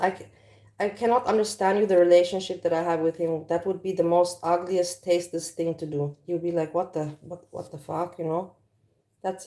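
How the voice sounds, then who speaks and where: A woman hosts a casual livestream from her kitchen, talking to viewers in a frank, rambling way. Her voice sits a little low, and the sound is picked up by a phone. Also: dark tone. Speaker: livestream host. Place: home kitchen.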